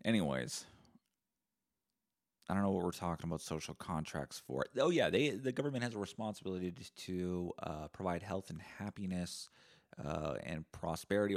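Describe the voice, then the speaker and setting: A man from Canada rants alone into a podcast mic, swearing freely. His talk is sarcastic and heated, and he tells a long mocking story. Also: low voice. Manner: profane, sarcastic ranting. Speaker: podcast host. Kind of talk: solo podcast rant.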